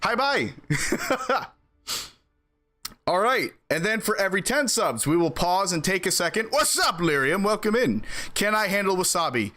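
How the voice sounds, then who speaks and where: A man streaming, chatting casually with his viewers in an animated way and laughing between sentences. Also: high-pitched, moderate pace, soft background music. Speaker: game streamer.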